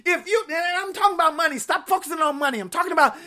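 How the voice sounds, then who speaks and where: A woman with a high-pitched voice delivers a sermon. She is emphatic and exclamatory, and she repeats scripture phrases over and over to drive each point home. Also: very fast, pushed and bright. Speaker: preacher.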